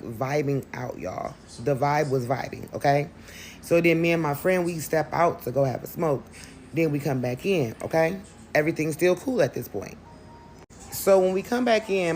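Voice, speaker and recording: A woman's voice: low voice, a little mellow, a little hiss or hum. A woman telling a storytime vlog in a chatty, emphatic way, talking straight to her viewers. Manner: chatty, emphatic, addresses the audience directly. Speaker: vlogger.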